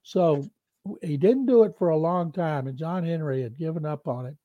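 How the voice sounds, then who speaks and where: Animated man spinning an old story. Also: fairly high pitch, normal speed, dry recording, muffled recording. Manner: animated storyteller, mimics voices in quotes. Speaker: beat reporter and co-host. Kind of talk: storytelling on a sports podcast.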